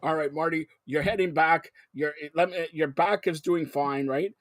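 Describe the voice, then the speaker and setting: A man hosting a live broadcast, talking in an excitable, rambling way that jumps between topics. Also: a little high, moderate pace, dry recording, clean studio sound. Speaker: host. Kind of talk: live call-in broadcast chat.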